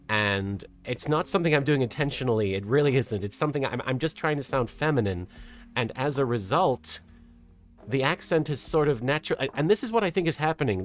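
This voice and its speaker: A soft-spoken streamer with an English accent drifting toward American, chatting casually with a live chat and working toward a lighter, more feminine voice placement. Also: medium pitch. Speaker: streamer and host. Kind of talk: casual livestream chat, reading out chat.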